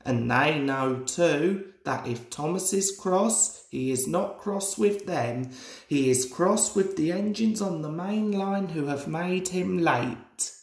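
Young guy reading a kids storybook slow, gravelly voice, echoey room. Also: on the high side. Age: 20s. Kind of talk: reading a children's storybook aloud.

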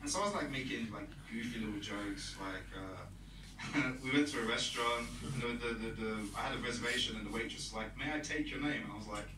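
Captured from a distance in a roomy club, this young man from Britain talks quickly in a lowish voice with a British accent. His stand-up set rambles and pokes fun at himself while he acts out quoted lines, and the audience laughs amid the background noise.

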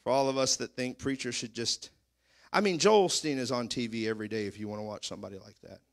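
A man preaching a sermon as pastor, swinging between quiet asides and shouted, sing-song declarations, sometimes mimicking his congregation. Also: medium pitch, quick pace. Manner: mimics congregation members for effect.

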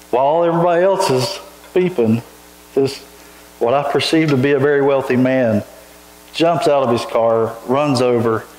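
A man, a pastor, telling a personal story in a sermon, animated and quick to laugh, with frequent restarts. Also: mid-range voice. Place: church sanctuary. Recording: echoey church room.

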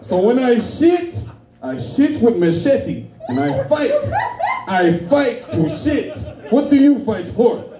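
A man voicing a stern older African father with a put-on African accent, slow and lecturing. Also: very high voice, big pitch swings, reverberant, recorded from a distance, a loud crowd, pitched above the performer's own voice, exaggerated voice.

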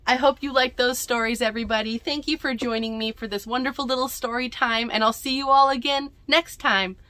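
A woman librarian reading a picture book aloud to children in an expressive, animated storytime voice, from a library bookmobile. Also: fairly high pitch, fairly quick, no echo.

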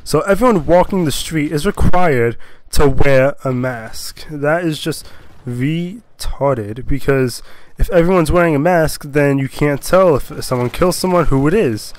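A man's voice: on the high side, unhurried. Rambling jokey young man. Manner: rambling and jokey, with many fillers and silly voices. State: sick. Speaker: online video commentator. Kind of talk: casual commentary reading out odd laws.

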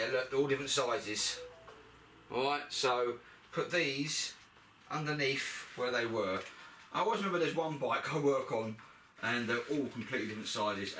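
Man, rambling workshop commentary, bright tone, roomy echo. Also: medium pitch, far from the mic, a little hiss or hum. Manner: rambling, talks straight to viewers with asides. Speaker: moped repair vlogger. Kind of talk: chatty workshop commentary while working. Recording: echoey garage, voice off-mic.

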